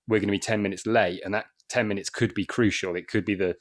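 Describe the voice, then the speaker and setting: A man's voice: on the low side, steady tone, quick pace. A man chatting as a comedian guest on a podcast, rambling with many restarts and little acted dialogues. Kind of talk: casual podcast chat.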